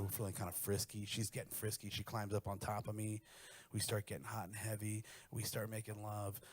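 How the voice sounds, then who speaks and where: A middle-aged man doing a stand-up comedy set, telling crude stories in a brash, animated way. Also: on the low side.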